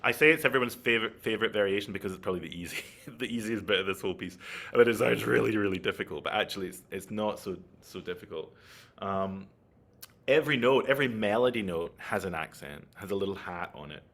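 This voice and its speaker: A man's voice: on the low side, quick pace, fairly bright tone. A man giving an online flute masterclass, explaining technique and checking in with his listeners as he goes. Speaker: flute teacher.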